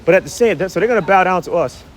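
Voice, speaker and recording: Speaking very fast in a high, expressive voice, this man reads scripture aloud outdoors and then breaks it down in slang, bluntly and profanely, ending lines with "man" or "right?" The religious commentator sounds short of breath, and his talk is preachy street-corner scripture commentary.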